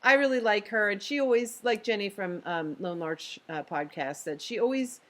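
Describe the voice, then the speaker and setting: A woman's voice: mid-range voice, moderate pace. Chatty woman co-hosting a podcast. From San Diego, US. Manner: chatty, animated, lots of fillers and giggles. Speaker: podcast co-host. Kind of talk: casual chat.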